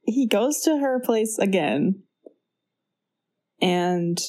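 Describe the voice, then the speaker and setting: A woman in casual conversation, recapping a film scene by scene. She tells it with animated energy, jumps into characters' voices and swears freely, in a voice of ordinary middle pitch. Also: extremely slow. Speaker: podcast co-host. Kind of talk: casual movie recap chat.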